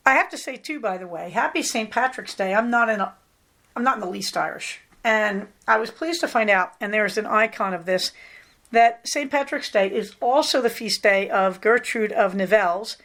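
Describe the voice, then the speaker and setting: A middle-aged woman hosts her podcast in a relaxed, rambling way, full of affection for what she talks about. Her voice sits at an ordinary pitch for a woman, neither high nor low. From Southern California. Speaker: podcast host. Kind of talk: casual chat.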